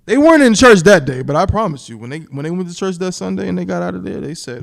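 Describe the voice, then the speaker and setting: Expressive and emphatic, a live-stream Bible teacher from New York preaches in a slightly high voice touched with vocal fry. "You understand?" comes up again and again as he slowly stretches key words, and his scripture reading is slow and solemn.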